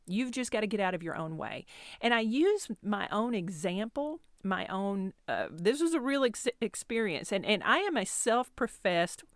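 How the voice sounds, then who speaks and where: A woman's voice: mid-range voice, big pitch swings, normal speed, no echo. Candid fifty-something woman, dry close sound. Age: 50s. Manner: candid, self-deprecating, rambling with restarts. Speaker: podcast host. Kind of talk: personal storytelling monologue.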